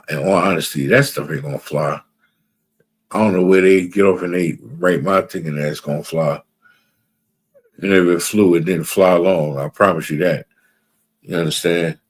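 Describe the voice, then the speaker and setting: A man's voice: low voice, fairly even intonation, measured pace, pauses often, breathy edge. A man preaching to a class, reading out scripture and repeating phrases for emphasis, often asking if listeners understand. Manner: reads out scripture verses. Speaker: religious class teacher.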